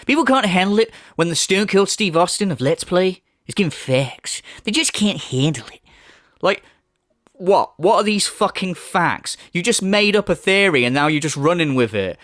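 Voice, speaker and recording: A man's voice: high-pitched, big pitch swings, normal speed, a bit bright, no echo, studio quality. A man giving profane, sarcastic commentary over video clips, laughing and mocking as he goes. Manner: sarcastic, laughing, swearing freely. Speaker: commentary YouTuber.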